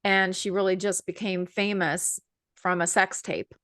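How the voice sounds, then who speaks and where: Stuffy nasal woman, allergies, rambling opinions w lots of ums, mid pitch, dry sound. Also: level tone, a little slow, fairly bright tone, no room sound. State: congested from allergies. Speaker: co-host. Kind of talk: casual chat.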